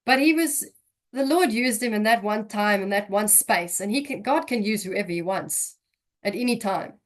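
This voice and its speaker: A young woman telling her personal faith testimony in an emotional, halting way, often restarting her sentences. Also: mid-range voice, expressive. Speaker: guest giving testimony.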